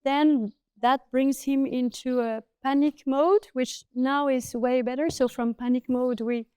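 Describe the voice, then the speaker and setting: A woman with a French accent speaks in relaxed, conversational English, slowing down to search for her words. Her voice sits fairly high but has a mellow, smooth tone. The sound is close and dry. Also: no room sound. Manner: thoughtful, searching for words with many "uh" pauses. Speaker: horse trainer. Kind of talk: casual conversation.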